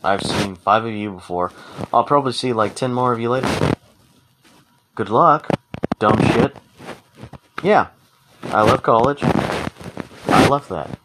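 A young man hosting a casual solo podcast, talking frankly and with plenty of swearing, rambling through his story and acting out what people said. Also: medium pitch. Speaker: podcast host. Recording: noticeable background noise.

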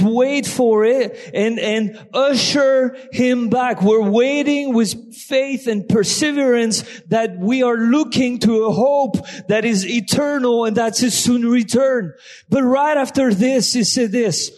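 A slow-paced man with a high voice and a French accent preaches in a church, pressing his points with emphasis and bursts of shouted praise. His words ring out with a long reverb across a large hall. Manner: emphatic, restarts often, breaks into shouts of praise. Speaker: guest preacher. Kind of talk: sermon. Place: church sanctuary.

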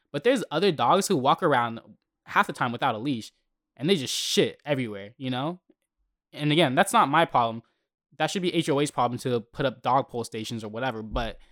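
A young man hosting a podcast, telling neighborhood stories in a heated, profane, animated way. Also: fairly high pitch, no room sound, clean studio sound. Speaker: podcast host. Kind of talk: casual storytelling rant.

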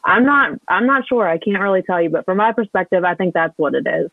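A calm, soft-spoken woman gives casual interview answers, pausing often with hesitant ums. Her voice comes through thin and tinny, like a phone line, with no room around it. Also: fairly low pitch, gravelly, no echo. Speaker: podcast guest.

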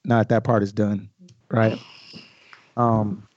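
A man talking casually as a podcast guest, explaining his own rap lyrics in an animated way with many fillers. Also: on the low side, takes it slowly, dry recording, muffled recording. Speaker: guest recording artist.

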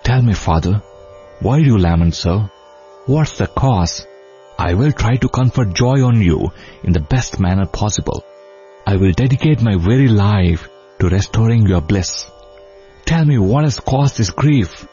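A man's voice: fairly low pitch, expressive, a little slow, dark tone, faint music behind. A man voicing an earnest young prince who pleads with his grieving father, his voice rising as he implores. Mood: earnest pleading. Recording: dull lo-fi audio with faint sitar.

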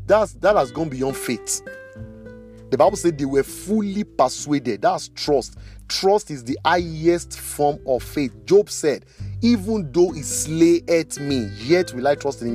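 A man preaching a sermon, emphatic, slowing down to stress key phrases. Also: on the high side.

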